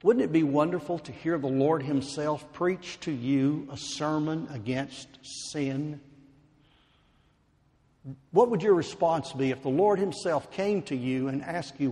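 A man preaching a sermon, slow and emphatic, building to fervent pleading. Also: fairly high pitch, warm tone. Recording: long hall reverb.

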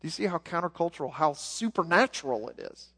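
Man, Southern accent, pastor preaching, earnest, high voice, long hall echo. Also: expressive, fast talker, a bit bright, husky. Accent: Southern American. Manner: earnest, repeats words when building a point. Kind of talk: sermon.

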